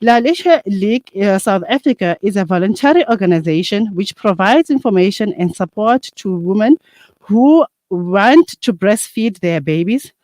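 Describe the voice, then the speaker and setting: A woman's voice: medium pitch, expressive, moderate pace, darkish tone, no room sound. Dry-sounding woman hosting a radio talk show. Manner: reads an introduction with many hesitations.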